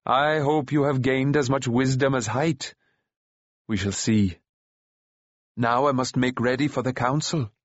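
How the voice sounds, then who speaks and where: A man voicing a tall, weathered warrior prince who speaks with measured, gentle authority in an audiobook. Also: mid-range voice, no room sound, dull audio, lightly acted. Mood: calm, wise.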